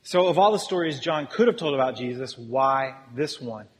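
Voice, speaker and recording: A man's voice: mid-range voice, lively intonation, moderate pace. A man preaching a sermon in a casual, joking way, talking directly with his congregation. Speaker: pastor. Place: church hall with audience. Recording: long hall reverb.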